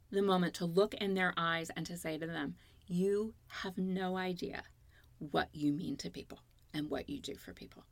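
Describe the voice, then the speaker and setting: A woman in her fifties speaks as an interview guest, her low voice carrying a gravelly edge. She tells her story earnestly and openly, close to a dry-sounding mic. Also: no echo. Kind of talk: candid interview conversation.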